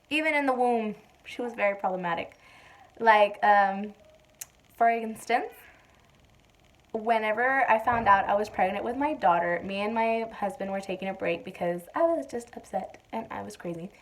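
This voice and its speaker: A young woman vlogger casually telling a personal story to the camera, chatty and full of fillers, acting out quotes loudly. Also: a little high.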